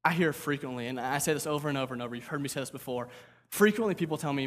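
A man's voice: medium pitch, racing, fairly bright tone, big-room sound. A man preaching a sermon as pastor, talking casually, repeating words and asking "right?".

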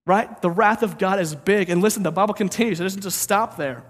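Guy from st louis preaching, slightly high voice, chatty and energetic, big echoey hall. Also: fast, hardly any pauses. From St. Louis, USA. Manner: energetic, conversational, keeps asking "right?". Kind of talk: sermon.

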